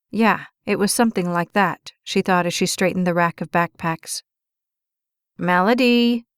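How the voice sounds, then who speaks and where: A woman reading a romance audiobook in a measured, expressive narration. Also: medium pitch, no echo, clean studio sound.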